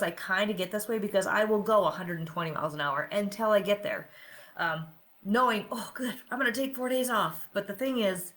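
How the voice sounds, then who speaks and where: Her voice is medium in pitch with a fairly bright tone. She's a middle-aged podcaster and coach delivering a frank, confessional monologue, often pausing to ask "right?"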